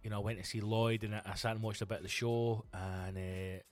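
A man's voice: fairly low pitch, little pitch movement, fairly quick. A Scottish man, a comedian, chatting on his own podcast in a rambling, sweary way with lots of restarts. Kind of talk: casual solo podcast chat.

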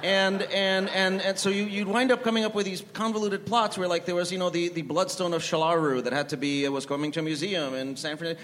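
A man's voice: sits high, steady tone, a little fast, hardly any pauses, a bit bright, slight background noise. A man telling rambling, self-deprecating stories with many restarts as a TV writer on a festival panel. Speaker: panelist, TV writer and show creator. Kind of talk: anecdotal storytelling on a panel. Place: live festival panel in a large hall. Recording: reverberant hall with faint ambience.

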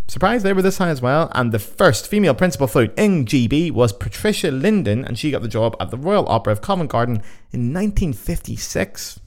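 A man hosting a podcast, counting down results like a game show in a sweary, jokey, excitable way while on a sugar high. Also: brisk, hardly any pauses. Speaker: podcast host.

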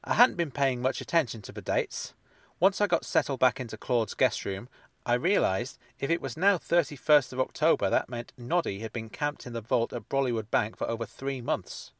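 A man's voice: medium pitch, expressive, normal speed, fairly bright tone, no echo. A man reading a first-person story aloud, with a wry, dry sense of humour. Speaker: narrator. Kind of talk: first-person audiobook narration.

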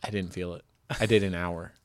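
A man's voice: deep voice, steady tone, a little fast, clear, resonant tone, no echo. A man, a comedian, chatting casually in a rambling, self-deprecating way, full of "like". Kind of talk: casual chat.

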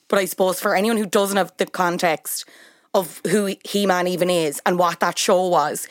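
A woman's voice: medium pitch, no room sound, clean studio sound. Curious woman hosting a podcast. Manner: curious, reactive interviewer. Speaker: podcast host. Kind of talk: casual interview chat.

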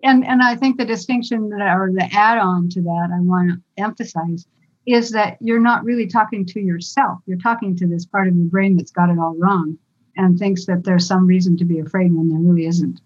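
A woman stage fright coach explaining her methods as a guest in a calm, reassuring way. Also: lowish voice, normal speed, highs cut off.

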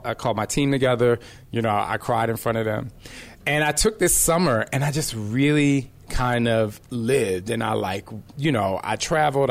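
A middle-aged man shares a raw personal story in a medium-pitched voice. He rambles with fillers and swears now and then, candid and emotional.

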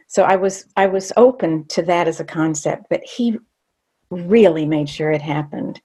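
A woman's voice: deep voice, warm tone. An older woman telling a personal story from her past in a reflective, candid way, with hesitations.

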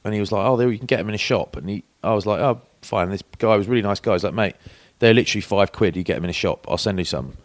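A man's voice: lowish voice, very fast, hardly any pauses, dry recording. A man in his forties, co-hosting a podcast in casual chat, telling anecdotes and acting out quoted voices. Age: 40s. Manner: chatty storyteller, acts out quoted voices. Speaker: podcast co-host.

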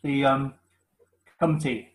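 A man's voice: mid-range voice, steady tone, takes it slowly, rough recording. A man with a West Country English accent, co-hosting a casual podcast chat, teasing and laughing often. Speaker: podcast co-host.

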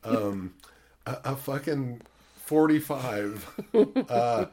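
A man's voice: mid-range voice, unhurried. Male podcast host, loose rambling delivery, heavy fillers, casual profanity. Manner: rambling, swears a lot, many fillers. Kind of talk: casual chat.

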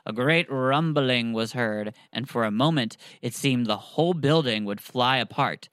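A man retells a tale in a loose, rambling chat, full of fillers, and reads passages aloud. His voice is smooth and clear. The recording is dry and close. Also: mid-range voice, unhurried, fairly bright tone, no echo, poor audio. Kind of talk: casual storytelling chat.

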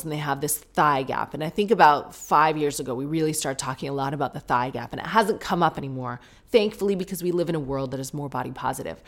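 British woman, solo podcast host with a slightly low voice, animated and self-mocking storyteller. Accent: British English. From Britain.

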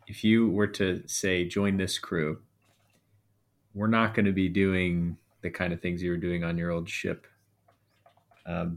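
A man's voice: low-pitched, vocal fry. A man playing a tabletop game who talks earnestly and hesitantly, with many fillers. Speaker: player. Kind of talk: in-character casual talk.

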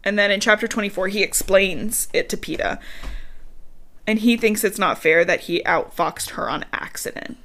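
A young woman talks through a book's plot in loose, casual podcast chat. She swears often and slips into characters' voices with sudden pitch jumps, breaking into laughs along the way. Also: moderate pace, fairly bright tone. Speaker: podcast co-host. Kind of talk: casual book recap chat.

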